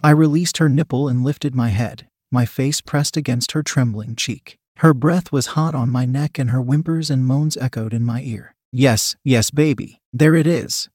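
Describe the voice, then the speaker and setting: A man narrating a story in the first person, reading at a steady, even pace. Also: mid-range voice, no room sound, studio quality. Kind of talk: scripted narration.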